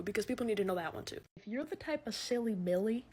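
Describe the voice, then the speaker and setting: A woman's voice: a little high, expressive, fast talker, a little mellow, a little hiss or hum. A young woman delivering a sarcastic comedic rant with exaggerated shifts in tone. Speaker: comedy content creator.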